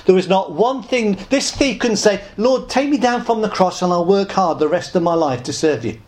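At a normal speed, a man preaches evangelistically in an earnest, pleading tone. Key words come out raised, while the ends of his phrases fade low and soft.

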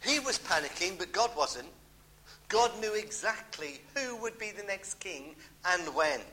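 A man's voice: sits high, animated, measured pace, pushed and bright, a little hiss or hum, poor audio. A middle-aged man with a British accent preaching a sermon, emphatic, repeating key phrases and adding homely asides.

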